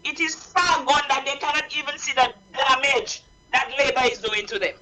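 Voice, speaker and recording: A woman's voice: sits high, steady tone, normal speed, pushed and bright, low-quality recording. A woman with a Saint Lucian accent calling in to a radio talk show, impassioned and preachy, repeating her points. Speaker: caller. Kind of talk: radio call-in.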